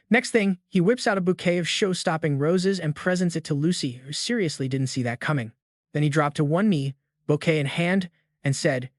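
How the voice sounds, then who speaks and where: A man's voice: a little high, normal speed, no echo, clean studio sound. A man narrating a comic recap in a casual, slang-heavy way.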